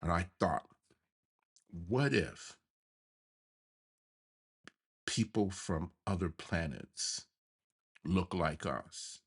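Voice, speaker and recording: A man from the USA, hosting a podcast, telling a childhood memory in an animated way and chuckling as he goes. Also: deep voice, slow pace, breathy edge. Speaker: podcast host. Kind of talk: memoir storytelling podcast.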